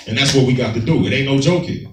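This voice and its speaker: Heard through a little hiss or hum, a man of medium pitch speaks at a quick pace while teaching a Sabbath class. He delivers emphatic, streetwise scripture commentary and often asks if his audience follows along, recorded in a roomy space well away from the mic.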